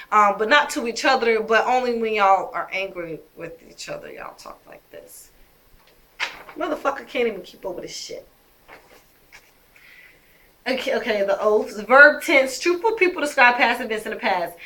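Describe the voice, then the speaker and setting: Woman vlogger with a bright, pointed voice, addressing her viewers emphatically and with indignation. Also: fairly high pitch. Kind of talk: personal storytelling to camera.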